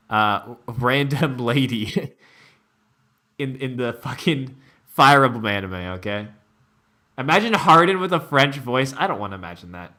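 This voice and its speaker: A man's voice: medium pitch, sharp tone. A man streaming a casual reaction to an anime, laughing, incredulous and profane.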